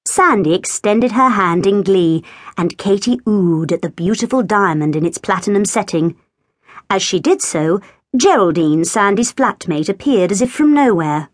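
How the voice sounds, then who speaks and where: An expressive woman reading a novel aloud with a lively, rising and falling pitch. She is recorded close in a dry studio with no room sound. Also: moderate pace, no echo. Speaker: audiobook narrator. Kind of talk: scripted audiobook narration. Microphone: close studio mic.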